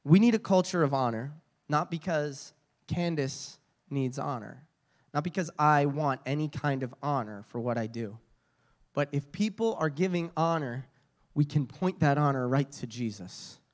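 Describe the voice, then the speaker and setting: A man's voice: on the high side, normal speed. A man preaching a sermon, telling stories with frequent restarts and repeated words.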